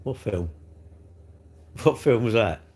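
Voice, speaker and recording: A man's voice: on the low side, lively intonation, takes it slowly, a little mellow. A man in his sixties with a South London accent, chatting casually on a livestream and answering comments, rambling and tagging questions onto everything. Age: 60s. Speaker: livestream host.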